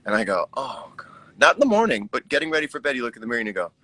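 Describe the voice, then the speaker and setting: A man's voice: mid-range voice, sing-song, very fast, sharp tone. A man, a musician guest, chatting casually on a live stream and musing aloud, acting out his own inner remarks. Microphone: video call.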